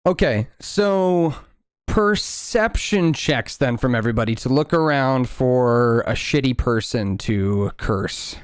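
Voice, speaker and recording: Guy running a tabletop game, crisp clear voice, dry close sound, kinda rambly. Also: mid-range voice, expressive, slow, no room sound. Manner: rambling, lots of fillers and restarts. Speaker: game master.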